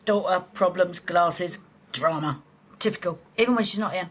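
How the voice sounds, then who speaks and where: A woman's voice: lowish voice, normal speed, a bit bright. A woman hosting a casual late-night live chat, reading out comments and answering bluntly, swearing and laughing often. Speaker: live-stream host. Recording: slightly dull sound with faint background hiss.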